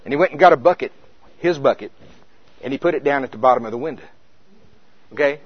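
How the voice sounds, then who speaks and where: A man preaching a sermon, telling a vision story with lively swings between loud and hushed delivery, on a dull, dry, lo-fi recording. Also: medium pitch, fast, pauses often, breathy edge, no room sound.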